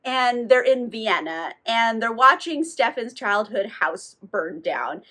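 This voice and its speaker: High bright woman, sarcastic book recap, casual and profane. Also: animated, takes it slowly. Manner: sarcastic, profane, filler-heavy. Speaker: book reviewer.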